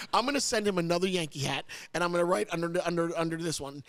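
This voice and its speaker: A man's voice: a little high, fast, a bit bright. A man from New Jersey hosting a casual chat, telling a long story in a rambling way, often repeating words and getting choked up. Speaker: host.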